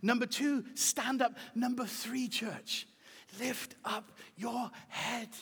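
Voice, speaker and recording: A middle-aged man preaching a sermon as pastor, emphatic and swinging from soft to shouting. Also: very high voice, fairly even intonation, slow, vocal fry, breathy edge. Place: church auditorium. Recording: reverberant hall.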